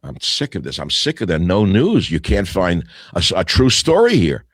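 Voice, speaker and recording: Older guy on talk radio, very low voice, dry close mic, sneering at every headline. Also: huge pitch swings, moderate pace, breathy edge, no room sound. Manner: sarcastic, scornful, mutters asides between headlines.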